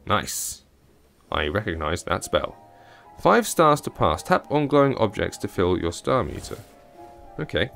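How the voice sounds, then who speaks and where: Lively low-voiced man chatting over gameplay. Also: measured pace, vocal fry, soft background music. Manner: chatty, wry asides while playing. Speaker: games reviewer. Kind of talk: casual gameplay commentary.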